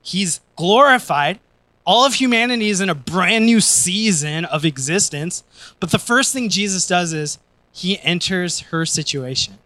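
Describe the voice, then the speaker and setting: A man pastor preaching a sermon, joking and energetic, and at times earnest and soft. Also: sits high, a little slow, no echo. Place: church.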